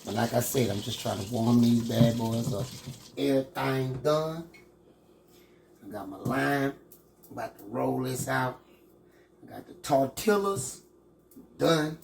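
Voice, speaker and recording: Gravelly folksy man cooking on camera. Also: medium pitch, lively intonation, a little slow, long pauses, noisy background. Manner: folksy, chatty, talks to viewers, says "boy" a lot. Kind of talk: casual cooking demonstration. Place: kitchen with frying food. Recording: clear frying sizzle behind the voice. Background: sizzling frying food.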